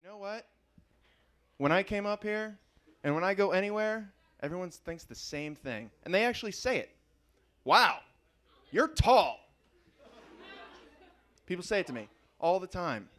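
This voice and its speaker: A young man with a rather high voice performs a student stand-up set. He keeps sounding indignant, asking the crowd "you know what?". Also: animated, fairly quick, a bit bright. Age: young adult. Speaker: stand-up comedian.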